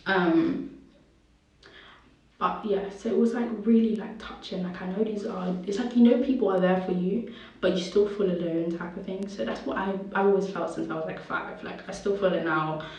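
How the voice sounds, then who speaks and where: A woman's voice: medium pitch, fairly even intonation, darkish tone, far from the mic. Young woman in an echoey room. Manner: halting, heavy use of "like", emotional. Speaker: vlogger. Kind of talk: personal storytime vlog.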